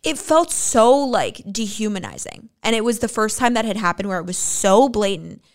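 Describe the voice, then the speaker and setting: A woman co-hosting a chatty podcast, with a gravelly, creaky edge to her voice. She talks candidly and gets emotional, dropping swear words as she goes. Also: mid-range voice, big pitch swings, moderate pace. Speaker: podcast co-host. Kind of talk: casual podcast chat.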